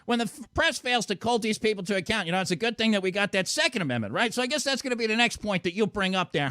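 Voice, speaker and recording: A man's voice: sits high, lively intonation, quick pace, few pauses, pushed and bright, dry recording, studio quality. A man hosting a call-in talk show, ranting sarcastically and swearing constantly. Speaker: radio show host. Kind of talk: profane call-in show rant.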